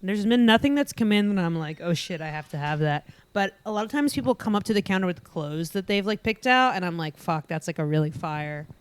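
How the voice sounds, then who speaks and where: A woman's voice: fairly low pitch, lively intonation, brisk, few pauses, clear, resonant tone. A young woman chatting casually as a guest, with a laid-back, drawling manner and frequent laughs. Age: young adult. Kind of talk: casual chat.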